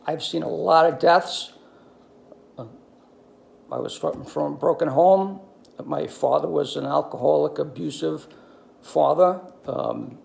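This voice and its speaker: A man, telling stories in a halting monologue full of ums and uhs. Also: a little high, creaky, darkish tone. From New York City. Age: 60s. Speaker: video commentator. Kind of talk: monologue to camera.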